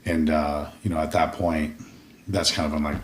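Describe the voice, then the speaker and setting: A man's voice: rumbling low, little pitch movement, moderate pace. A man guest on a podcast, telling a rambling, profane story with many restarts in a casual interview. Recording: roomy echo, distant mic.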